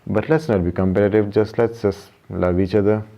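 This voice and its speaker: A man's voice: fairly even intonation, fairly quick, creaky. A young man from Pakistan chatting casually about his books in a vlog, rambling with many fillers and self-corrections. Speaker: vlogger. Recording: muffled low-fidelity audio.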